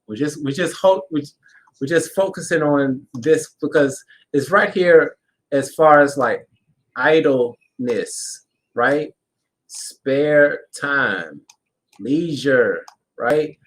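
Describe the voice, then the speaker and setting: A man co-hosting a live-streamed spiritual talk, walking through his points in a relaxed way and checking in with "right?". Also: a little high, slow pace. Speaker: co-host of a spiritual channel. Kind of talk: live-streamed casual discussion.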